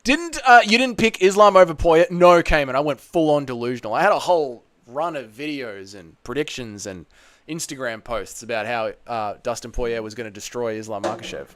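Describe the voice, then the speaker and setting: This Australian livestream host, a podcaster, chats in a relaxed, bantering way as he reads and answers viewer comments from a room at home, the balcony window open. His mid-range voice is brisk and a bit bright, with no room sound.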